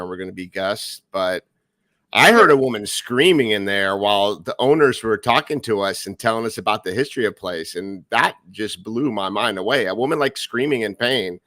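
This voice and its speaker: Man, radio co-host, lowish voice, bright edge, dry sound. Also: no echo. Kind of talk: casual chat.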